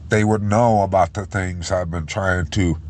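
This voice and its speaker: A man giving an informal sermon, choked up and halting, often restarting his words. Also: low voice, fairly even intonation, a little mellow, slight background noise. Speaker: preacher.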